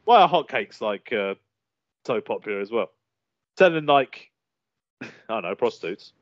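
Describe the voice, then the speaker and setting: A man's voice: on the low side, normal speed, dry recording. A man hosting a casual podcast chat, reading through a list and laughing often. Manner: laughs often, lively banter. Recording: dull lo-fi sound, dry.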